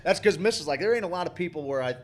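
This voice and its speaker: A man's voice: a little high, lively intonation, racing. A married man co-hosting a show, rambling and swearing casually with lots of fillers and restarts. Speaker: podcast co-host. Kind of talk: casual chat.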